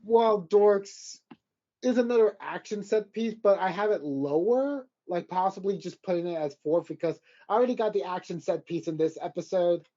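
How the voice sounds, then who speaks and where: A man's voice: sits high, moderate pace, warm tone, highs cut off. A man co-hosting a casual animation podcast, talking hesitantly with many fillers. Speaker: podcast co-host.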